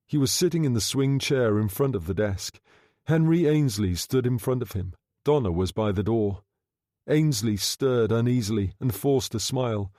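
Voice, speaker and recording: In clean studio sound with no room sound, a man with a mid-range voice narrates an audiobook, reading steadily and in a measured way.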